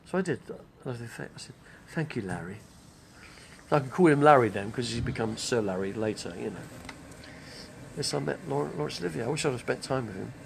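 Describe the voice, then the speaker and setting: Gravelly, chatty man. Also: medium pitch, expressive, quick pace, slight background noise. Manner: chatty, digressive, name-dropping. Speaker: live-stream host. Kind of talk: rambling casual monologue.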